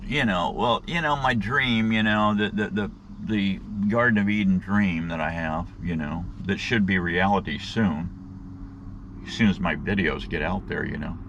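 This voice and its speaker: A man telling a rambling, folksy story to his viewers in a casual, animated way, with plenty of slang, and he calls them guys. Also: low-pitched, normal speed, muffled recording, a little hiss or hum. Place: outdoors.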